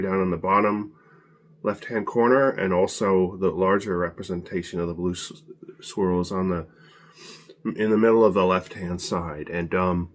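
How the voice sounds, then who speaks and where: A man giving a casual spoken presentation, hesitant with many fillers and restarts, slightly out of breath as he gets over an illness. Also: deep voice.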